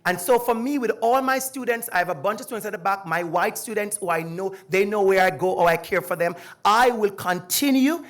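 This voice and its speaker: A middle-aged man with a Jamaican accent speaks on a discussion panel, animated and emphatic. He is a lecturer telling his own story with feeling. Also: sits high, a little fast, hardly any pauses. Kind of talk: personal testimony at a panel discussion.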